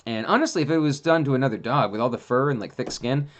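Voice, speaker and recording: A man hosting a casual monologue, telling rambling, animated stories with plenty of fillers. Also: mid-range voice, quick pace. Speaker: host.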